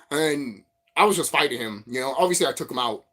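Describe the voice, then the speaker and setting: A man vlogging as a spiritual commentator, telling stories in a rambling, profane, animated way. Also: medium pitch, normal speed. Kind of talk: rambling casual monologue.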